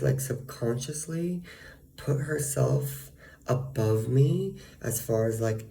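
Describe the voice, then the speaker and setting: A man's voice: medium pitch, creaky, dark tone, a little hiss or hum. A man venting in a casual monologue, profane and ranting, full of fillers. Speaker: vlogger.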